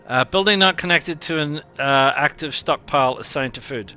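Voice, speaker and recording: A man's voice: on the high side, moderate pace, sharp tone, clear, resonant tone, faint music behind. A man with a New Zealand accent casually commentating a strategy game, thinking aloud with lots of ums. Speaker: gaming channel host.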